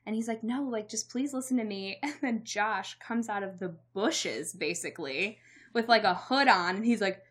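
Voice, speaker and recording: A young woman chatting casually and recapping a story with animated energy. She acts out other people's lines as she goes and laughs often, with plenty of "like" filling her speech. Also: mid-range voice, normal speed, husky. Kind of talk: casual chat recapping a movie.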